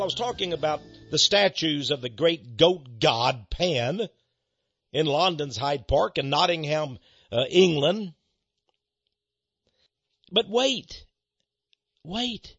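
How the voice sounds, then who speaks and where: A man's voice: fairly high pitch, expressive, slow pace, pauses often, fairly bright tone, breathy edge, dry recording. A man with a Texas accent hosting a radio talk show, folksy and emphatic like a preacher, heard on a dull lo-fi broadcast. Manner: folksy, emphatic preacher-like delivery with dramatic rises. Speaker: radio ministry host.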